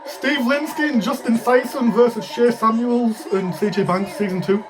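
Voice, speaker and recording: A man reviewing a wrestling show in casual chat and reacting to the matches, excitable and quick to cheer at the screen. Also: very high voice, a crowd in the background.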